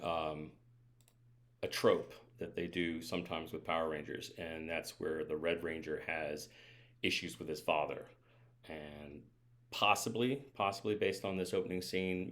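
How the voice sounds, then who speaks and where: A man, a voice actor, chatting casually as he reacts live to a TV episode and muses aloud with small laughs. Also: low voice. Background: episode soundtrack music playing.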